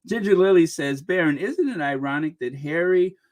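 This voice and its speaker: Animated woman hosting a live chat. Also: sits low, moderate pace. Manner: animated, laughing, exclaiming. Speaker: livestream host reading super chats. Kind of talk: casual live-stream chat.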